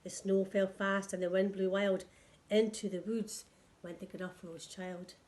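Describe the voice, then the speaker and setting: A woman nursery teacher reading a picture book to young children in a clear, sing-song read-aloud voice. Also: mid-range voice, little pitch movement, measured pace, darkish tone.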